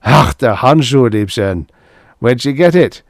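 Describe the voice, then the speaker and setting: A man's voice: on the low side, expressive, moderate pace, no echo, clean studio sound. A man voicing a blunt German soldier who bursts out with German exclamations in an audiobook. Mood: gruff. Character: brusque German soldier, gruff and jovial.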